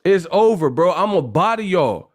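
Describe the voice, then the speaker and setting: A man hosting a casual livestream, talking in a lively way, rapping short rhymes and reading donation messages aloud. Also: sits high, normal speed. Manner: animated, freestyles rhymes, reads donations aloud. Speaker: livestream host.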